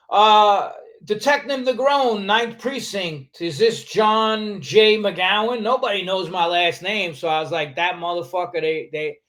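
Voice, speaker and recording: A man tells a story on a podcast, swearing freely and acting out what others said. His voice sits high for a man. He talks in a lively, streetwise way. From New York, USA. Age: 60s. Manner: animated, profane, acts out other people's lines. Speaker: podcast guest. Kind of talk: storytelling in a casual interview.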